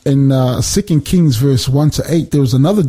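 A man explaining Bible passages in a relaxed conversation, animated and emphatic, often repeating words as he builds his point. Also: medium pitch, normal speed, slightly rough. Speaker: Bible teacher.

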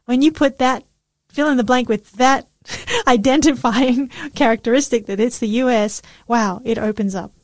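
A woman co-host of a religious discussion speaks in an agreeable, affirming way. Her voice sits a bit high, and the room sound is dry. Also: moderate pace, few pauses, dry recording. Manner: agreeable, affirming, with light laughs.

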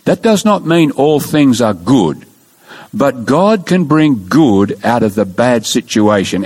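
Animated preacher with lively, rising cadence. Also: male voice, mid-range voice. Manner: rising and falling preacher cadence, asks the congregation questions. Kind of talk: sermon.

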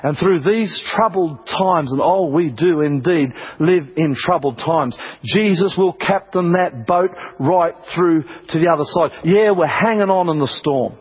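This is a male pastor delivering an impassioned sermon, pressing each point with rising emphasis. His voice sits high and carries a husky grain. The recording sounds dull and lo-fi, like an old broadcast. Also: unhurried, hardly any pauses. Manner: impassioned preaching, builds to emphatic peaks.

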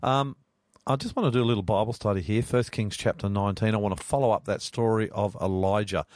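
A man's voice: on the low side, steady tone, fast talker, darkish tone, no echo. A man hosting a radio Bible study chat, earnest and growing emphatic as he preaches. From Australia. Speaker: radio host.

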